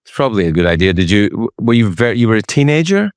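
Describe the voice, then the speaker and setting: Joking man with lively pitch, dry sound. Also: very fast, clean tone, no room sound. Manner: joking, mock-serious, slips into quoted voices. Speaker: podcast host. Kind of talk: casual interview chat.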